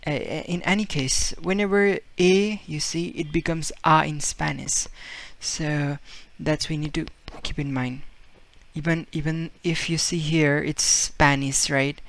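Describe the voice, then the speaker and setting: Gravelly-voiced man teaching a lesson. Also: on the high side, steady tone, a little slow, fairly bright tone, dry recording. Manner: explains with repetition and fillers, acts out example words. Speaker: Spanish teacher. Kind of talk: casual video lesson.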